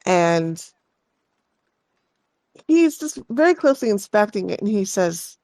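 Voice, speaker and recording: A woman runs a tabletop game, narrating slowly with frequent restarts. Her voice sits in a middle register and sounds dry and close. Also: mid-range voice, big pitch swings, darkish tone, dry recording. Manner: unhurried, halting narration with restarts. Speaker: game master.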